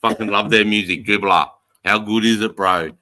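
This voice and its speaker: Australian man, middle-aged, livestream host, laid-back, swearing, bright tone. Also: on the low side, fairly even intonation, moderate pace. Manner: laid-back, swearing, greeting chat viewers. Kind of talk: casual livestream chat.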